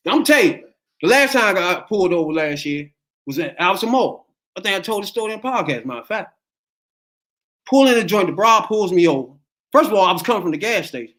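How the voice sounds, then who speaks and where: A man's voice: high-pitched, fast. A middle-aged man hosting a podcast, telling a story in casual chat and acting out the voices in it. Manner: animated, acts out voices in his story. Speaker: podcast host.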